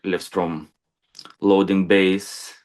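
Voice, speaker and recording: Man, very deep voice, casual podcast chat, plain-spoken, says "you know" a lot. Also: level tone, very slow. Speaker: crane supervisor guest.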